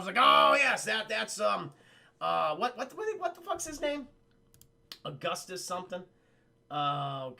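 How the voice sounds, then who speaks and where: A man streaming a rambling, profane scene-by-scene film recap to his chat, acting out lines in quick impressions. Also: sits high, creaky, pushed and bright. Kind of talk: casual profane movie recap.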